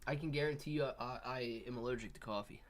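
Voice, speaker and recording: A man's voice: medium pitch, quick pace. A man hosting a casual livestream, rambling to his viewers while coughing and sniffling from allergies. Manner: rambling, animated, talks to viewers. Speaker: livestream host.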